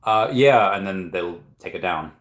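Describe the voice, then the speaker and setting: Low-voiced man rambling on a livestream. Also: a little slow, a bit bright, roomy sound. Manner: rambling, thinking aloud with many fillers. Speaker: crypto livestream host. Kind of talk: casual livestream chat, reading viewer comments aloud. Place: room at home at night.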